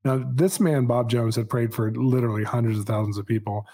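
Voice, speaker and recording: A man in his forties, a podcast host, telling a personal story in a casual, animated way, with quick asides and a self-amused tone. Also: medium pitch, breathy edge.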